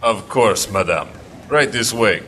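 A slow stiff henchman. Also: lowish voice. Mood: formal. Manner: stiff, polite, flat. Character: stiff, formal henchman doorman. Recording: music underneath.

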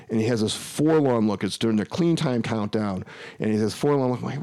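A man's voice: fairly low pitch, animated, quick pace, vocal fry, a little mellow. A man, a podcast guest, telling a long personal story in casual talk, full of restarts and quoted dialogue. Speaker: interview guest.

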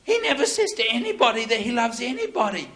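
A man voicing a tearful, astonished mother with high, emotional exclaiming. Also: sing-song, fast, fairly bright tone, heavily acted. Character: tearful mother, astonished, woman in her 30s.

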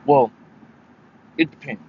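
A man hosting a casual solo podcast, rambling and swearing, with sudden emphatic bursts. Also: takes it slowly. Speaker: podcast host. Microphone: headphones mic. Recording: dull lo-fi sound with faint noise.

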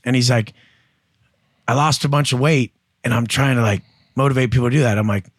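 A man's voice: mid-range voice, brisk, no echo, clean studio sound. A man speaking as a guest entrepreneur and coach, telling blunt, profane stories and acting out the voices of the people in them. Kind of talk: casual interview storytelling.

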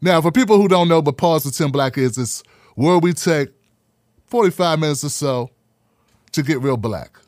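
A man hosting a live podcast, talking in an animated, preachy way and repeating phrases for emphasis. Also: fairly high pitch, moderate pace, no echo, studio quality. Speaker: podcast host. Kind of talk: live-streamed podcast talk.

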